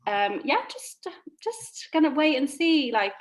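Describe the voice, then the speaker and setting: A woman's voice: high voice, sing-song, unhurried. A woman presenter chatting as a guest on a video-call livestream, encouraging and a little rambling. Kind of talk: casual livestream chat.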